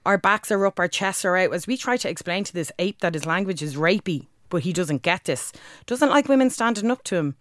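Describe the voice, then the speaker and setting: A woman with a Dublin accent performs a rhythmic spoken-word poem with forceful, crude language. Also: lowish voice, lively intonation, a little fast, dry recording, studio quality. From Ireland. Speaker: guest, spoken word artist.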